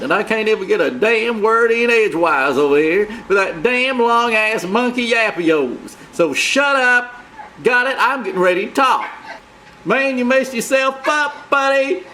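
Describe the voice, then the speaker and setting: Man playing a hot-tempered crow puppet, high, snappish and taunting. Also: expressive, normal speed, bright, forceful tone, a little hiss or hum. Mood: scolding. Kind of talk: comic puppet banter.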